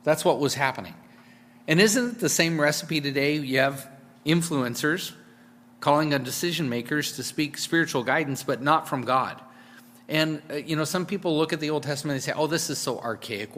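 A man's voice: on the high side, normal speed, a bit bright, long reverb tail. A male pastor preaching a sermon in a casual, conversational way, with fillers and repeated words.

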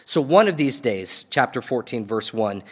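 Male preacher, mid-pitched, chatty retelling with asides, reverberant hall sound. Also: expressive, normal speed. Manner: casual storytelling preaching with asides. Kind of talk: sermon.

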